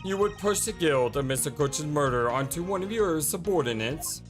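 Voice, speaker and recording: A game streamer reading a composed male prosecutor in a lower, slow, cutting voice. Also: lively intonation, over music, natural voice. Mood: cold. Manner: low, deliberate and cutting.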